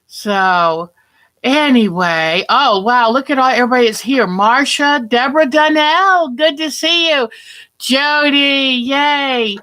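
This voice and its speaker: A woman's voice: high-pitched, takes it slowly, pushed and bright. A woman hosting a casual quilting livestream, chatting and greeting viewers by name.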